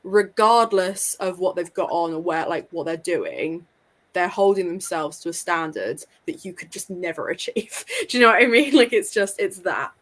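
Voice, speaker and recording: A woman's voice: fairly low pitch, animated, moderate pace, fairly bright tone. A young woman chatting on a live stream, laughing easily and talking in loose, filler-filled sentences. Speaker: podcast co-host. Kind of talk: casual live-stream book chat.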